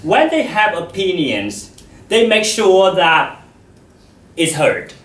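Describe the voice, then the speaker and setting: A man giving a public talk to an audience about voice, speaking in a slow, measured, expressive way. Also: high-pitched, a little hiss or hum. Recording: echoey hall, distant mic.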